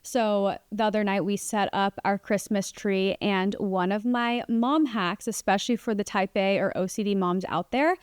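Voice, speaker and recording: Chatty young mom, smooth dry voice. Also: female voice, mid-range voice, normal speed, hardly any pauses, no echo. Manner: chatty, warm, many "like" fillers. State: pregnant. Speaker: podcast host. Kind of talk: casual solo podcast talk.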